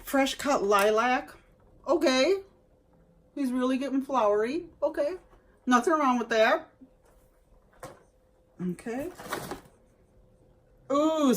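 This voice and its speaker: A woman's voice: a little high, slight background noise. A woman vlogger chatting casually to viewers as she unboxes gifts, exclaiming over each item.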